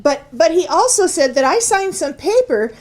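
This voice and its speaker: A woman's voice: extremely high pitch, very animated, moderate pace, a little mellow. An actress playing a flustered, stammering small-town woman in a comic radio soap.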